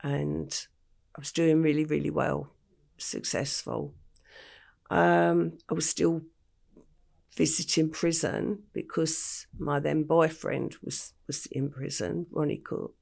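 An older English woman, a podcast interview guest, retelling her past slowly and matter-of-factly with quoted dialogue. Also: sits low, steady tone, darkish tone. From England. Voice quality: gravelly, husky.

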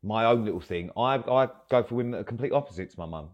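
A man's voice: fairly low pitch, lively intonation, fast, lo-fi sound. A man, a guest in a casual chat, telling sweary stories and laughing as he talks. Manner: sweary, storytelling, laughs while talking.

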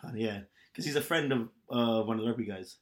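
A man's voice: medium pitch, brisk. A man co-hosting a podcast, telling a story in casual chat with lots of laughs. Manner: animated storytelling, laughs often. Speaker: podcast co-host.

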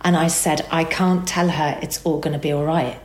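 A woman telling an emotional personal story as a guest, animated and acting out the dialogue. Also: sits low, normal speed, roomy sound.

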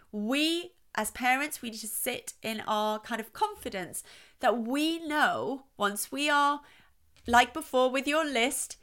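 A woman's voice: sits high, a bit bright. A middle-aged woman who is a child psychologist, giving playful parenting advice and exaggerating her voice to show how it should sound.

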